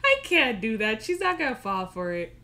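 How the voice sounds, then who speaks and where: A woman's voice: fairly high pitch, sing-song, moderate pace, pushed and bright. A young woman hosting a casual live stream from her bedroom, chatty, giggly and self-deprecating. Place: home bedroom.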